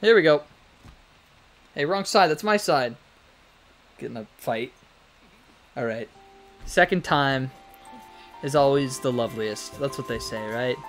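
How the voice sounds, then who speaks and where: A man's voice: medium pitch, a little slow, long pauses, soft background music. A man giving casual, chatty commentary on his own gameplay, talking to the game characters and laughing often. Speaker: let's play gamer.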